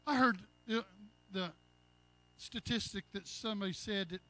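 A man preaching a sermon, telling a story in an earnest, rambling way full of "he said" before rising into loud, fervent appeals. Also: high voice, normal speed.

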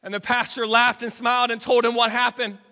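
A man delivers a sermon as a dramatic story. His voice sits very high and sounds bright and forceful. A long reverb from the church hall trails each phrase. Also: level tone, fairly quick. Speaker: pastor. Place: church sanctuary.

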